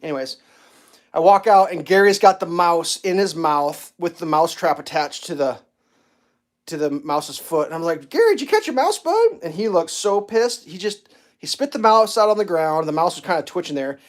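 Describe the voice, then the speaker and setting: Brief: casual man, slightly higher voice, stream host who rambles and stumbles through restarts. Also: fairly even intonation, moderate pace. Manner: rambling storyteller, stammers on restarts; baby talk with his cat. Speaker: livestream host. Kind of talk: casual chat.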